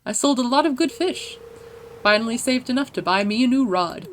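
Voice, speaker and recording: A woman's voice: a little high, lively intonation, fairly quick, a little hiss or hum, natural voice. Woman reading as a jolly old fisherman. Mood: hearty. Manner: folksy, hearty, read-aloud dialogue.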